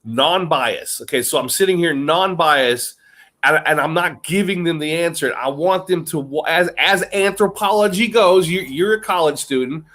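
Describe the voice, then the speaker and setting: A man in casual chat, telling stories in a lively way, swearing and laughing. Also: a little high, moderate pace.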